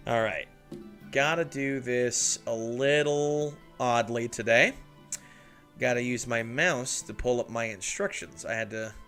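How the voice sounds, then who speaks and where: A man's voice: mid-range voice, bright, forceful tone. A man hosting a casual livestream from his hobby desk, chatting and laughing with viewers by name as he works. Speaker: livestream host building miniatures.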